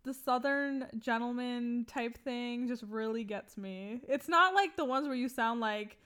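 Bright, blunt young woman. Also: a little high, unhurried, clear, resonant tone. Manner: blunt, opinionated, swears casually. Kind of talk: casual chat.

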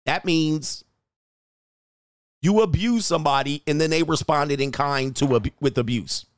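A man with a fairly high voice delivers blunt, profane reaction commentary as a dating coach. He fires off mocking rhetorical questions and laughs at his own points. The sound is dry and close. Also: unhurried, no room sound.

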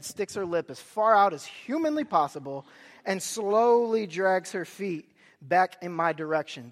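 Young man preaching; high, lively storyteller with shouted emphasis, recorded in a big echoing hall. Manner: animated storytelling, bursts of loud emphasis. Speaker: pastor. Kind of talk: sermon.

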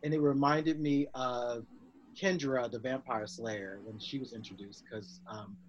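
A man's voice: mid-range voice, steady tone, unhurried, muffled recording, slight background noise. Man rambling in casual chat.

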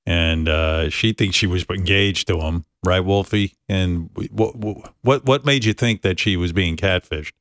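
A man's voice: low-pitched, a little slow, hardly any pauses, a bit bright, no echo, clean studio sound. A man hosting a talk radio show, wry and teasing as he sets up the segment.

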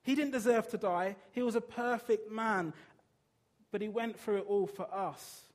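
A man's voice: high voice, moderate pace. A man preaching a sermon in an earnest, emphatic way, putting rhetorical questions to his listeners.

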